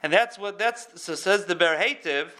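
High, bright-voiced man teaching Talmud. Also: moderate pace, slight background noise. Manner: reads Hebrew text then explains in casual English. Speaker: Torah teacher. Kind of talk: Talmud lesson, reading and translating.

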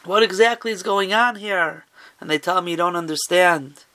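A man's voice: high-pitched, normal speed, bright, forceful tone. A man giving an emphatic sermon, telling a story and mixing in Hebrew and Yiddish terms. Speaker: rabbi giving a Torah talk.

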